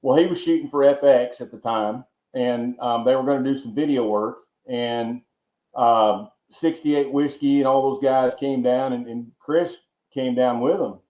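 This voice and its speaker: A man's voice: medium pitch, unhurried. Rambling man on a roomy call. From Georgia, US. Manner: rambling, repeats words, folksy asides. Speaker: podcast guest. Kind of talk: casual storytelling interview. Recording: roomy, dull lo-fi sound.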